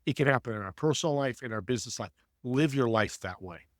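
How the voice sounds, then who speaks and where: A man guest telling animated stories in an interview, acting out voices as he speaks. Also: mid-range voice, fast, no echo, clean studio sound. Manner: animated, acts out voices in anecdotes. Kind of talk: storytelling interview talk.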